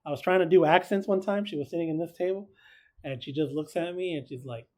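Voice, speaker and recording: A man's voice: fairly high pitch, fairly quick, a little mellow. A man teaching a casual recorded math lesson, chatty and joking, who keeps quizzing his students.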